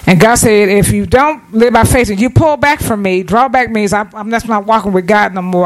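A woman's voice: mid-range voice, moderate pace, few pauses, low-quality recording. Folksy woman preaching a sermon. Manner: folksy, down-to-earth preaching with call-and-response. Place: church.

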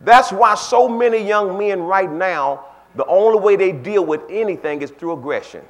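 High-voiced pastor guy, aave, folksy animated sermon, voice jumping all over, low asides then big shouts. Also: moderate pace. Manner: folksy, conversational preaching with call-and-response asides.

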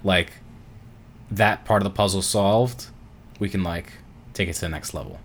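A man's voice: deep voice, moderate pace. A man co-hosting a casual gaming podcast, teasing his partner and laughing easily. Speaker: podcast co-host.

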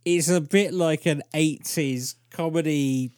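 A man's voice: a little high, takes it slowly, no room sound, clean studio sound. A man in casual podcast chat, telling a story with lots of laughs and acted-out quoted voices. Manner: animated storyteller, laughs often, acts out quoted dialogue. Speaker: podcast guest discussing alien abductions.

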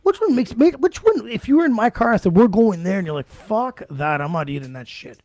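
A man's voice: high voice, brisk, no room sound, studio quality. A man co-hosting a podcast, telling funny stories in casual chat with lots of swearing. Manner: animated storytelling, heavy swearing. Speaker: podcast co-host.

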